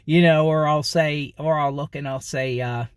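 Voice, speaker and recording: A man's voice: a little high, fairly even intonation, normal speed, smooth, no room sound, clean studio sound. A man vlogging to camera in a loose, rambling way, with many fillers, restarts and chuckles. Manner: rambling, repeats himself, frequent fillers and chuckles. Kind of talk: casual talk to camera.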